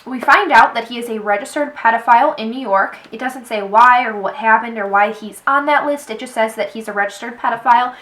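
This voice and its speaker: A young woman vlogger telling a personal story to the camera. She talks in an animated way and quotes people with "he's like.". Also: a little high, a little fast, hardly any pauses, rough recording. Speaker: beauty vlogger. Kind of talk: storytime vlog.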